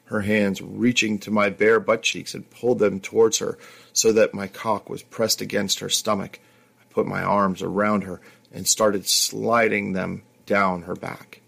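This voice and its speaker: Low, gravelly male narrator. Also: little pitch movement, unhurried, a bit bright. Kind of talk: first-person story reading.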